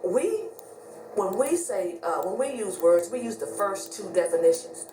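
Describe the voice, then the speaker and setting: A woman telling a story in a casual way, animated and acting out both sides of the conversations. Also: medium pitch, a little slow, background noise. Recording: roomy, distant mic with faint ambience.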